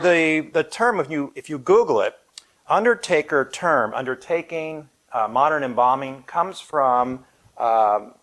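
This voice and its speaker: A middle-aged man speaks to a gathered audience as a funeral director, easing into stories with light humor. His pitch sits in an ordinary middle range, and his delivery stays conversational and unhurried. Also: fairly bright tone. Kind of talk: live public talk to an audience. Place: event room at a funeral home, with an audience present.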